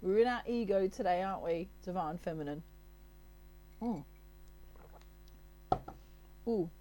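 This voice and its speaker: A woman's voice: lowish voice, a little slow, background noise. A woman giving a casual tarot reading, chatty and playful, laughing often. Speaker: tarot reader.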